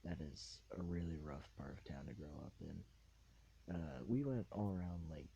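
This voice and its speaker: A man with a very low, dark, mellow voice hosts a solo podcast. He rambles in a laid-back way from one thought to the next and leans on fillers. It is recorded on a tablet with a faint hiss behind. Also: lively intonation, normal speed, vocal fry, highs cut off. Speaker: podcast host.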